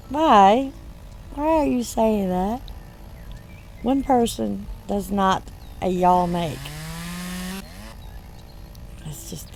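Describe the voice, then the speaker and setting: Slow, gravelly Southern woman chatting. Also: medium pitch, a little hiss or hum. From born in Michigan, raised in the US South. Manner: rambling, chatty, laughs between words. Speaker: gaming channel host. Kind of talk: casual chat over gameplay.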